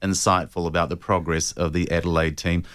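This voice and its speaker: A man, a voice coach giving measured, reflective answers in a radio interview. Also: sits low, little pitch movement, a bit bright, clear, resonant tone, no room sound, studio quality. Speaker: voice and presentation coach.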